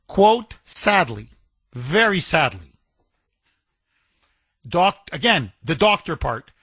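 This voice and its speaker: Male talk radio host, sarcastic and outraged, bright tone, dry studio mic. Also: on the high side, very animated, slow pace, pauses often, husky, no room sound. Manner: mocking, indignant, mimics others in a whiny voice. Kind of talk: opinionated talk radio monologue.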